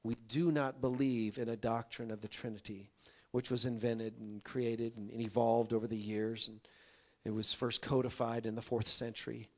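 Male pastor, conversational sermon storyteller, mid-pitched, climbs to forceful emphatic lines. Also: little pitch movement, normal speed. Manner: folksy, builds to emphatic peaks.

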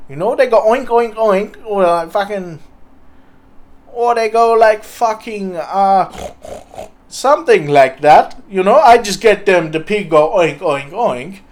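A man voicing a simple-minded male pig farmer who speaks halting broken English with many fillers. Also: sits high, expressive. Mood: rambling. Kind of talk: improvised comedy character.

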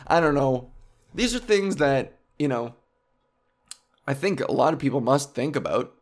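Male comedian, loose profane solo riffing, rambling and animated. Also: medium pitch, a little slow, pauses often. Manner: rambling, animated, profane, jumps between topics. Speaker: comedian podcast host. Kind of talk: casual comedic monologue.

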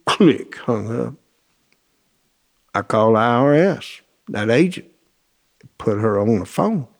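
A man's voice: medium pitch, takes it slowly, gravelly. A man telling a folksy anecdote, acting out the voices of the people in it. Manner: animated, acts out quoted voices. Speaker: storyteller.

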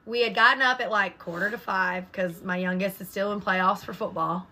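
A woman's voice: medium pitch, fairly even intonation, moderate pace, creaky, sharp tone. A woman, co-hosting a podcast, telling stories bluntly and swearing freely. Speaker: podcast co-host. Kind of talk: casual chat.

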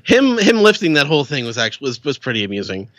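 A man on a podcast chimes in with quick comments and stumbling restarts, in a casual chatty tone. His voice sits at an average pitch, and the recording is dry, with no room sound. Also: big pitch swings, a bit bright, no room sound. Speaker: podcast co-host. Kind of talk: casual chat.

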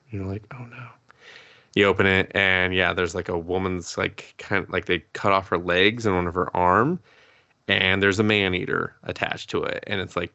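A man with a low, gravelly voice and a bright, forceful edge tells the story of an episode to his co-host. He swears freely and slips into acted-out quotes as he goes, in a loose, casual podcast chat. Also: highs cut off. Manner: profane, animated storytelling, acting out quotes. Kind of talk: casual recap of an anime episode.

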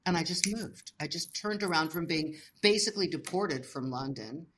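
A middle-aged woman from the United States with a low voice tells her stories in a lively way. She slips into the voices of the people she quotes and laughs often. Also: normal speed, slight background noise. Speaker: interview guest. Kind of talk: casual storytelling.

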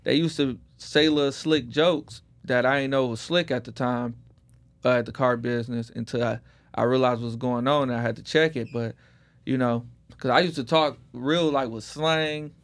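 A man's voice: mid-range voice, fairly even intonation, normal speed. Slang-heavy man telling his story. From Detroit. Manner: laid-back storytelling with street slang. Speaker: guest. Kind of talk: casual podcast conversation.

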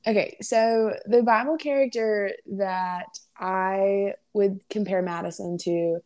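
A young woman co-hosting a podcast, chatting with a steady stream of fillers. She slips into quoted voices as she tells stories. Her pitch sits in the middle for a woman. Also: slow, clear, resonant tone. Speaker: podcast co-host. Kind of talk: casual chat.

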